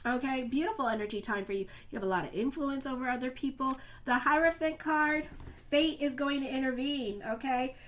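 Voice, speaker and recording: A woman's voice: high-pitched, a little fast. A woman astrologer giving a casual tarot reading straight to her viewers. She talks in a loose, colloquial way, full of "okay" and "you know", and sounds earnest and reassuring.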